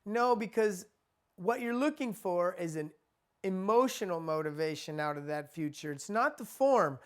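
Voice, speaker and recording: A man's voice: high-pitched, expressive, normal speed, clean tone. A man teaching a spiritual lesson in a conversational, repetitive way. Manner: conversational, repeats himself, acts out quoted people.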